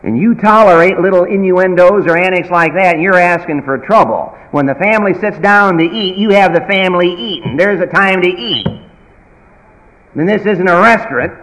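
Folksy, emphatic preacher in an echoing hall. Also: male voice, high-pitched, normal speed. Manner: emphatic, folksy, swings loud to soft. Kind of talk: sermon. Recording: reverberant hall.

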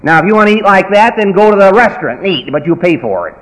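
A folksy preacher delivers a sermon with a fairly high voice. He swings from loud emphatic bursts to quiet, low asides. His voice echoes through a long reverberant hall. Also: big pitch swings, fast.

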